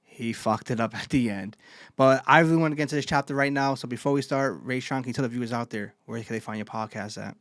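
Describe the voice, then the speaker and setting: Casual male podcast host, mid-pitch, dry close sound, enthused and profane. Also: fast, no room sound. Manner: excited, swears freely, retells scenes in quotes. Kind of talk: casual anime chapter recap.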